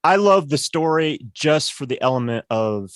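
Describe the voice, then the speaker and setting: A man hosting a podcast, reflecting in a measured, thoughtful way with hesitant ums. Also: fairly high pitch, expressive, smooth, dry recording, studio quality. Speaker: podcast host. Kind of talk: interview reflection.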